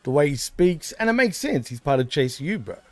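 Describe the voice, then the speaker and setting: Fairly high and sing-song, his brisk voice carries casual wrestling chatter on a podcast he co-hosts. The Australian keeps it laid-back, dropping "dude" and "bro," over soft background music with no echo.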